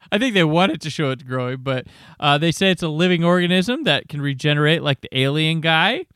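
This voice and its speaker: High-voiced man chatting wryly. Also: expressive, brisk, a bit bright, clear, resonant tone, no echo, clean studio sound. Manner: wry, laughing, exasperated asides. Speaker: podcast co-host. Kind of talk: casual chat reviewing a TV episode.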